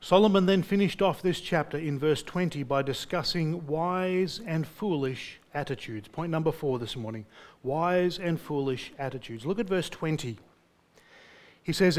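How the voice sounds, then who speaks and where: A man's voice: fairly high pitch, normal speed. A male pastor preaching a sermon, putting direct rhetorical questions to his listeners.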